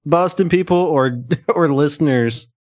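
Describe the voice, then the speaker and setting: A man's voice: on the high side, unhurried, darkish tone, dry recording. Male podcast co-host, joking, laughing, dull muffled audio. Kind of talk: casual chat.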